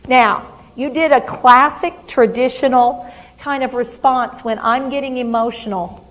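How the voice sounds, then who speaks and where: A woman's voice: high-pitched, fairly even intonation, measured pace, a bit bright, big-room sound, poor audio. A woman trainer giving a live talk on dementia care, emphatic and quizzing her audience.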